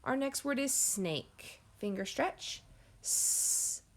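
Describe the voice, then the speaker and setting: A woman teaching a phonics lesson to young children, sounding out words slowly and clearly and encouraging the class. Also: fairly low pitch, lively intonation. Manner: encouraging, addresses class as friends.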